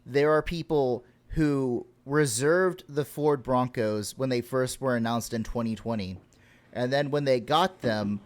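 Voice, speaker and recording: A man from Texas co-hosting a podcast, ranting and swearing casually with laughs. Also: medium pitch. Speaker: podcast co-host.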